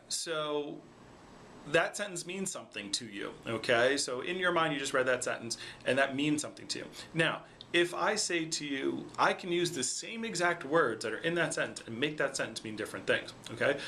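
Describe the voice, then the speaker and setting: A man talks straight to his viewers in a casual, argumentative way and keeps checking in with them as he explains. His voice is bright and forceful. A faint hiss of background noise sits under the recording. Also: a little high, expressive, brisk. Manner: explaining, repeats "okay?" for emphasis. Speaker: vlogger.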